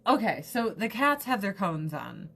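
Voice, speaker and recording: A woman from the United States in her thirties talks to her camera in a loose, rambling vlog chat. She drawls along at an unhurried pace, tossing in the odd swear word. Her voice sits at an ordinary middle pitch. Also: big pitch swings, vocal fry, fairly bright tone, slightly rough. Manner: rambling, chatty, swears casually. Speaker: vlogger.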